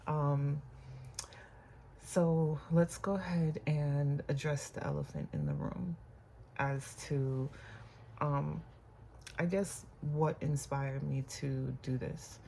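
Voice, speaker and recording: An unscripted personal vlog with a host whose voice carries a gravelly, creaky edge at a middling pitch. The host talks candidly and reflectively, pausing often and leaning on fillers. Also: dark tone, slight background noise.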